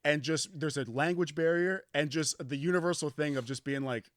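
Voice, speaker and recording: A man's voice: a little high, fairly quick, dry recording, clean studio sound. Canadian man telling a rambling story. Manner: rambling, swears freely, many restarts. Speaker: podcast guest. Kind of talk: casual storytelling chat. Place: basement studio.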